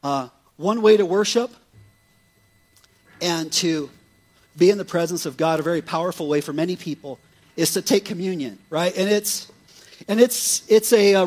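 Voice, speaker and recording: Husky high-voiced male preacher. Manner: conversational, animated preaching with frequent "right?" asides. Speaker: pastor. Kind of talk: sermon.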